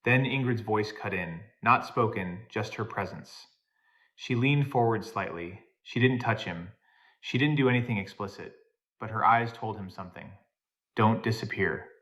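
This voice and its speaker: A man reading a scripted drama story in an even, steady narration. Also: lowish voice, normal speed.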